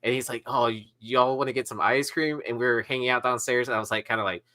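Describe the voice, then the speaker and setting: A man's voice: medium pitch, steady tone, fast talker, sharp tone. A man co-hosting a podcast, joking and telling stories. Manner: joking, storytelling banter. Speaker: podcast co-host. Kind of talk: casual chat.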